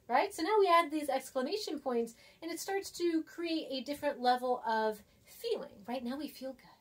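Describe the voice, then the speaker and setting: A woman's voice: high voice, lively intonation, normal speed. A woman teacher giving a casual, chatty lesson, acting out example texts in different voices while writing on a board. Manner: writes on a board while talking.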